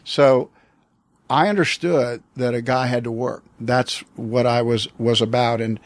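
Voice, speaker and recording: A man's voice: mid-range voice, fairly even intonation, unhurried, no room sound. A man in his sixties from the United States, telling a personal story as an interview guest, reflective and rambling with many restarts. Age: 60s.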